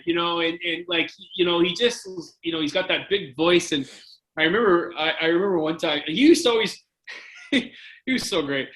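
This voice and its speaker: A low-quality recording catches a former hockey player from Canada, in his forties, telling loose stories as a podcast guest. He speaks at normal speed with a fairly high, fairly bright voice, full of fillers and restarts.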